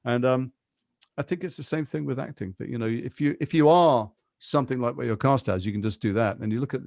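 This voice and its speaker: An English man in his fifties, a guest actor in a podcast interview, telling stories quickly with lots of asides. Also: mid-range voice, gravelly, no room sound, studio quality. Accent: English, Liverpool and London mix. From England. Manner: fast, animated storytelling with asides.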